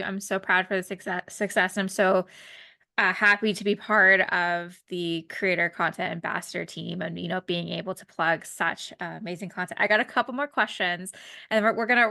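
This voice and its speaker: A woman's voice: mid-range voice, vocal fry, bright, forceful tone. A woman hosting a podcast interview, gushing and effusive, with some casual swearing. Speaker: podcast host.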